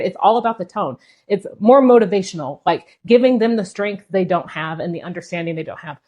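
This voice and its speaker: A woman's voice: medium pitch, lively intonation, a little fast, few pauses, a little mellow. A woman, a parenting creator, talking earnestly and persuasively in a casual, conversational way straight to her viewers. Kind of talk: casual explanatory talk to camera.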